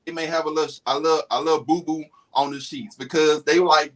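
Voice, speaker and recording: A man's voice: fairly high pitch, steady tone, brisk, poor audio. A man talking frankly and bluntly as a co-host in a casual live chat, often restarting his sentences.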